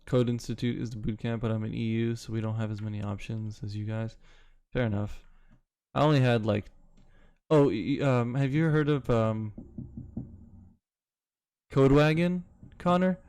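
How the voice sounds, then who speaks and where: Young man, casual stream chat, warm smooth voice, rambling. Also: medium pitch, normal speed, no echo. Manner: rambling, swears casually, reads chat aloud. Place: home, city with bootcamps he attended.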